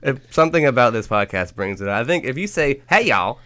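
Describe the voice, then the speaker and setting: A man's voice: mid-range voice, lively intonation, fast talker, background noise. A man hosting a casual group podcast, bantering with wry, profane humor. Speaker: podcast host. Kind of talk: casual chat.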